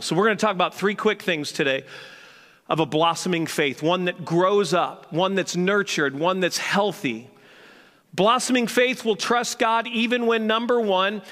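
A man preaching a sermon from a church stage, animated and humorous, often restarting his sentences. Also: high voice. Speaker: pastor. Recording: reverberant hall.

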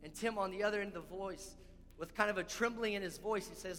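A pastor delivers a sermon in a fast, high-sitting voice with a fairly bright tone. He's earnest and repeats key lines for emphasis. The recording carries long hall reverb and faint music.

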